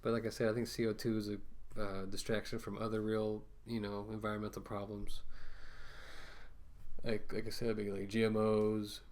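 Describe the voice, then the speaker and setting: Gravelly man rambling through a rant. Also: fairly low pitch, monotone, a little fast, darkish tone. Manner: rambling, many fillers and restarts. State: talking through a mask. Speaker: vlogger. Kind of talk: casual rant to camera.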